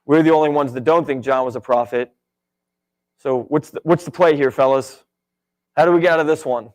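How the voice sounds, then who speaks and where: A man voicing a group of scheming male temple elders who huddle and plot in hushed tones. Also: medium pitch, a little fast, natural voice. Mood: conspiratorial.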